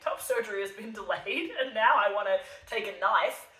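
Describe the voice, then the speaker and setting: A woman's voice: medium pitch, normal speed, bright, forceful tone, distant mic. A young woman hosting a solo monologue podcast, talking in a sardonic, darkly self-mocking way. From Australia. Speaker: podcast host. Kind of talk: solo monologue podcast addressed to an absent listener. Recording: roomy sound from off the mic.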